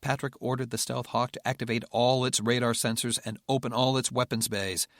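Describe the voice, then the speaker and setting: A man reading a military thriller audiobook in steady, measured narration. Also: mid-range voice, no room sound, studio quality. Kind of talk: scripted narration.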